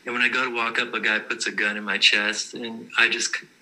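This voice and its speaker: Man, casual personal storytelling, earnest, matter-of-fact, very bright tense tone, flat even delivery. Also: mid-range voice, a little fast, low-quality recording. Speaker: guest telling his vision stories.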